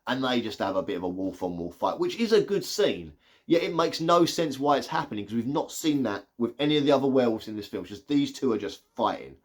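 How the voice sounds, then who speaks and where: A man giving a casual, excitable spoiler review of a movie, retelling scenes with lots of "like". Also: mid-range voice, fast talker. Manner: chatty, excitable retelling full of "like".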